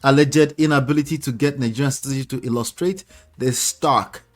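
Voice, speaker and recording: A man's voice: mid-range voice, fairly even intonation, brisk. Male news presenter reading a report. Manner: reads quotes aloud, laughs at his own attempt at a British accent.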